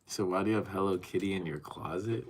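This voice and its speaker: A man's voice: low-pitched, fast, a little hiss or hum. A young man streaming from a rented apartment, reading chat messages aloud and reacting casually, with frequent swearing.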